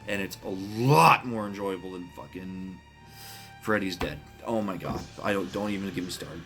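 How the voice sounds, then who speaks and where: A man casually ranking horror films, speaking bluntly, swearing often and getting excited about what he likes. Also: low voice, moderate pace, faint music behind. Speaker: movie reviewer. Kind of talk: casual film ranking monologue.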